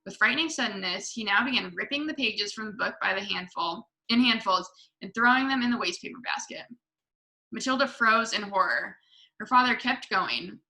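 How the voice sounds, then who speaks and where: A woman reading a children's book aloud to a book club, expressive with small slips. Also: medium pitch, normal speed, low-quality recording.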